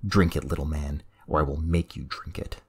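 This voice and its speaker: A man voicing a calm, sharp-witted woman Jedi ranger in a story reading, with a dry, commanding delivery. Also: rumbling low, moderate pace, creaky, slightly rough, exaggerated voice. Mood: cool.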